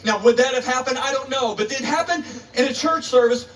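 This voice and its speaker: Preacher guy, high voice, telling a story all dramatic and emphatic, mic far away. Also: a little fast, fairly bright tone. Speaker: preacher, guest speaker. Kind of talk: sermon storytelling. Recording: distant mic.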